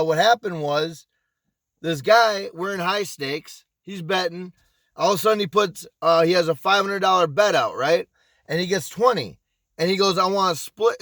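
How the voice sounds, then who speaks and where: A man's voice: high voice, a bit bright, no echo. A man who used to be a casino pit boss tells a story in casual, blunt vlog talk. He swears, restarts his sentences and keeps asking "you know what I'm saying?". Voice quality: blunt, profane, repeats himself.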